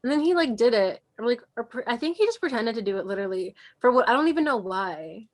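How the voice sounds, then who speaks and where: A young woman co-hosting a podcast, chatting casually and telling an animated story full of "like" and acted-out quotes. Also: on the high side, fast. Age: young adult. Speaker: podcast co-host. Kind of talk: casual chat.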